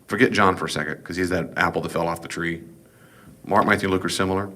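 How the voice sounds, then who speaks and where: A man's voice: on the low side, pushed and bright. A man giving a casual, folksy Bible class lecture, with jokes and asides. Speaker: Bible teacher.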